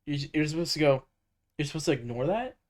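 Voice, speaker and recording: A man streaming and reacting casually, talking in an excitable, rambling way full of fillers. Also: fairly high pitch, quick pace. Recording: noisy home mic.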